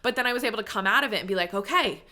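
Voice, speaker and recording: A woman's voice: a little high, lively intonation, very fast, sharp tone. A woman hosting a solo podcast, talking listeners through their money feelings in an earnest, encouraging coaching tone. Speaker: podcast host. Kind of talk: solo motivational podcast monologue.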